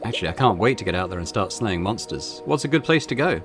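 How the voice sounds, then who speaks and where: A man's voice: fairly low pitch, animated, fast talker, music in the background. A man reading the lines of a young woman lawyer on holiday, the heroine of a game.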